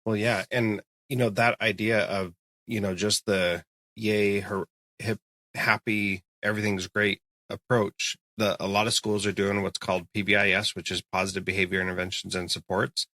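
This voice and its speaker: Deep, flat-voiced male podcast host. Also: moderate pace, no echo. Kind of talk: casual interview conversation.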